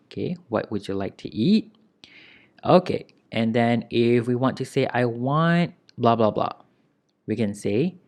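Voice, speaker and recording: A man's voice: mid-range voice, lively intonation, vocal fry. A man teaching a language lesson, repeating each phrase carefully and starting sentences with "okay". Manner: repeats phrases slowly, many filler okays. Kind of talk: slow, deliberate language lesson.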